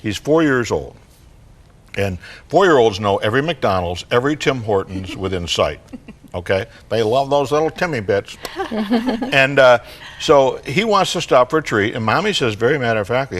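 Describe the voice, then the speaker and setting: A man's voice: medium pitch, moderate pace. An older man on a studio talk show, telling parenting stories and acting out kids and parents. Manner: animated storyteller, acts out kids and parents. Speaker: guest parenting author.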